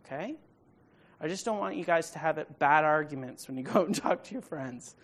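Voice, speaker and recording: A woman teaching an evening Bible study talks a little fast and with strong emphasis, often asking her audience questions. She becomes loud and forceful whenever she reads scripture aloud.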